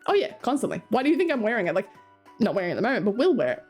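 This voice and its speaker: A woman's voice: mid-range voice, big pitch swings, very fast, darkish tone, breathy edge. A young Australian woman streaming, chatting casually with her viewers in a playful, rambling way. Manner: playful, rambling, laughs often, swears. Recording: faint music behind.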